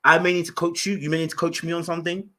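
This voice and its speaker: A man from Ghana, telling an animated story in casual podcast chat, full of fillers and restarts. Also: on the high side, rapid-fire. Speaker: podcast guest.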